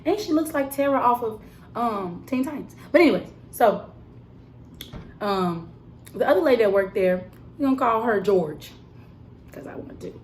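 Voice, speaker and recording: A young woman telling a story in a casual, animated vlog style, emphatic and full of fillers. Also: a little high, moderate pace, pauses often, a little hiss or hum. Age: young adult. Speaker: vlogger and cosmetics counter worker.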